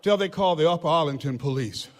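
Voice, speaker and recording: An older man giving a motivational speech to a live audience, telling stories with emphasis, often shouting and laughing. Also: a little high, fast. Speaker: motivational speaker. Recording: long hall reverb.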